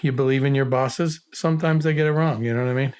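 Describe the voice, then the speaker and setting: A man's voice: mid-range voice, fairly even intonation, fast, a little mellow, clear, resonant tone. Man, middle-aged, interview guest, blunt, swears constantly, casual war stories. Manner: blunt, swears constantly, acts out quoted voices. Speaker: interview guest, former special forces soldier. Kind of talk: casual profane storytelling.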